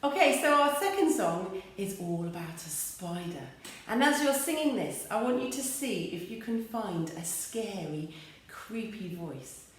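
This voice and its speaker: A woman's voice: mid-range voice, very animated, unhurried, distant mic. An English woman, an early years teacher, leading young children through simple action songs in a sing-song, encouraging way. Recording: echoey room with light music.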